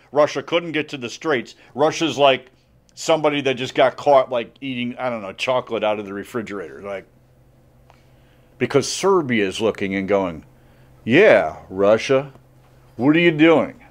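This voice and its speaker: Brief: casual male history teacher, mid-pitch, chatty and jokey, peppers a lecture with asides. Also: moderate pace.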